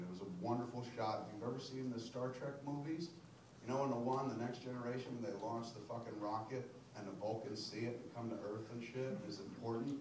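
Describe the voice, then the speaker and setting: A man's voice: medium pitch, fast. A man in his forties answering audience questions after a screening, swearing freely and telling stories with laughter. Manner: profane, animated, laughing storyteller. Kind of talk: live Q&A talk after a screening. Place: cinema auditorium with audience. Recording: echoey theater from far off with audience noise.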